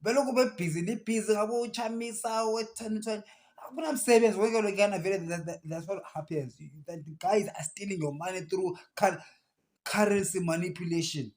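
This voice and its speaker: Stammering Zimbabwean man, fairly high voice. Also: quick pace. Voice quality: stammers, with blocks and restarts. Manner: emphatic, rising to animated outbursts. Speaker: channel host. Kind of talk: casual commentary to viewers.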